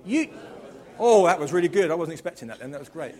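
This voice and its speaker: A man preaching in church with a playful, jokey delivery. His voice sits a little high and swoops all over the place. He drops to near-whispers, then rises to loud, emphatic calls to the congregation. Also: fast. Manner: playful, jokey and expressive, swinging from hushed to loud. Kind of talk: lively sermon.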